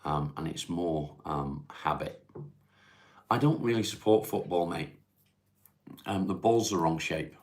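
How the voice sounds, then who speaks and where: Low, gravelly man chatting on stream. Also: darkish tone. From England (Cheshire). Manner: laid-back, unhurried, reads chat questions aloud then answers plainly. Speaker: livestream host. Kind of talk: casual livestream chat answering viewer comments. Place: at home, smoking while streaming.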